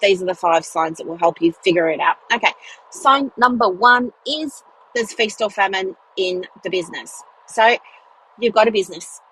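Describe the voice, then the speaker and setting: A woman's voice: medium pitch, normal speed, a little hiss or hum, low-quality recording. A woman, a business mentor, chatting casually in a solo podcast, telling stories with lots of fillers and playful asides. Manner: chatty, animated storytelling with many fillers and "guess what" asides.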